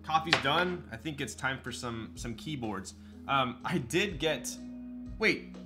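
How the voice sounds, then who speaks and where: A man's voice: medium pitch, expressive, slow, loud music behind the voice. A man chatting casually on a live stream, answering his viewers' questions as they come in. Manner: chatty, loose, reads and answers chat.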